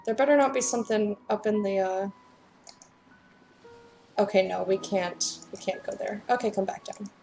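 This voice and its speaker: A woman's voice: medium pitch, normal speed, long pauses, warm tone, soft background music. A woman casually commenting on a story game while she plays, chatty and self-deprecating, and reading its dialogue aloud. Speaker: let's play gamer.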